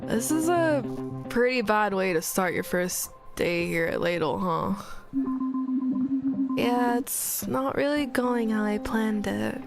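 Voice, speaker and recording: A woman's voice: mid-range voice, animated, takes it slowly. A woman voicing an awkward, sheepish teenage velociraptor boy in game dialogue. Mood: apologetic. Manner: sheepish, apologetic delivery. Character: male velociraptor teen, awkward, sheepish prankster. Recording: game music playing behind.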